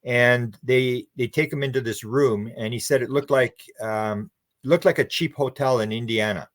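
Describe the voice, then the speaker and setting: Canadian man telling a lively story. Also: mid-range voice, normal speed. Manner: animated storyteller, acts out quoted dialogue. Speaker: guest, UFO researcher. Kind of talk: storytelling interview answer.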